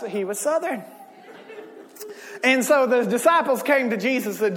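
A male pastor preaching a sermon, joking and conversational, building to shouted emphasis. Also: very high-pitched, animated, a little slow, long reverb tail, a faint crowd, a little hiss or hum.

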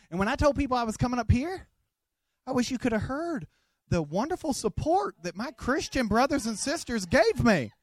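A man's voice: high voice, sing-song, moderate pace, a little mellow, no echo. A man from the Southern United States, with a Southern accent, preaching an emphatic, joking sermon full of repeated phrases.

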